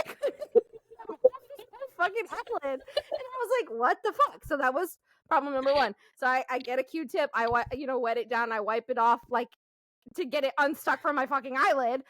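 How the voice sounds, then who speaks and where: A woman's voice: high voice, normal speed. A woman co-hosting a podcast, telling chatty, profanity-laced stories full of laughter. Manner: animated, profanity-laced storytelling with frequent laughter. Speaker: podcast co-host. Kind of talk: casual chat.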